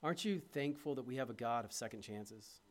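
Brisk and expressive, a man with a medium-pitched voice preaches to his congregation. He asks them questions head-on, building from soft reflection into loud, impassioned calls.

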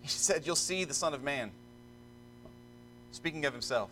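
Earnest preacher man, bright voice. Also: fairly high pitch, animated, slight background noise, rough recording. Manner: solemn, deliberate scripture reading, then earnest preaching with repeated restarts. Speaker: pastor. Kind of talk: sermon with scripture reading. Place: church.

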